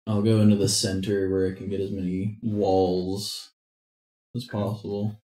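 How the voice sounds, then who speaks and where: A man playing a tabletop game, chatty and quick to suggest plans. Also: low-pitched, flat delivery, dark tone, roomy sound. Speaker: player.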